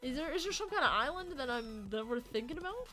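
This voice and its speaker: A young woman streamer chats loosely with her viewers in a fairly high voice. She rambles from joke to joke and swears freely. Faint game music plays behind her. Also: big pitch swings, quick pace, sharp tone. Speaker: livestreamer. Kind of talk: casual chat with stream viewers.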